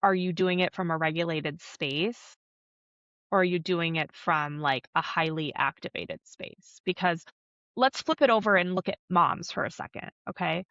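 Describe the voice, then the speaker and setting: A woman somatic coach, a podcast guest, explaining calmly and earnestly in an interview. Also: on the low side, moderate pace, no echo, highs cut off. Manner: earnest, coaching, acts out little quoted voices.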